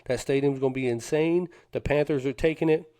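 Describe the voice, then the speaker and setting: A man's voice: mid-range voice, fairly quick, warm tone. Fired-up male sports podcaster. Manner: fired-up, boastful fan talk with Southern slang like "them boys" and "cuz". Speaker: podcast co-host. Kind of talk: hyped sports podcast talk.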